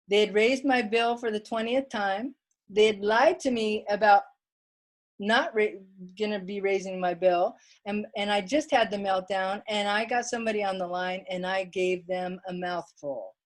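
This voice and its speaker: A woman giving an online wellness workshop talk from home, chatty and plain-spoken, reading viewer comments aloud. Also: medium pitch.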